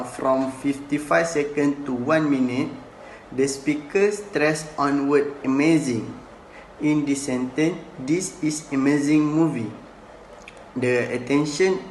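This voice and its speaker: A man giving a class presentation, hesitant and halting, with non-native phrasing and many fillers. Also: mid-range voice. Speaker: student presenter. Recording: echoey room, faint noise.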